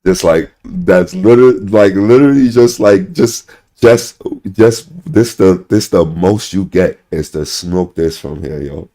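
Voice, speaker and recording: A man's voice: low voice, unhurried, dark tone. A young man ranting casually to his stream chat, rambling, swearing and repeating "bro" and "son" constantly.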